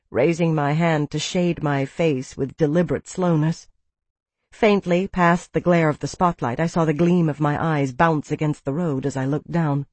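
An audiobook narrator reading a first-person novel in a measured, even storytelling manner on a close studio mic. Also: medium pitch, no echo.

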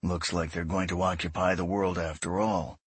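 A man voicing a bitter, grim male fleet commander who speaks flatly and quietly. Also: low-pitched, slow, husky, no echo, heavily acted. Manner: flat, quiet and controlled.

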